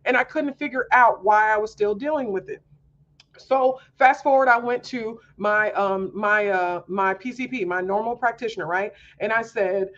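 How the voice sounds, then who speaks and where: A woman's voice: medium pitch, moderate pace, fairly bright tone, dull audio. A woman hosting a homeschool mom podcast, talking earnestly in a candid personal monologue, confiding and full of fillers.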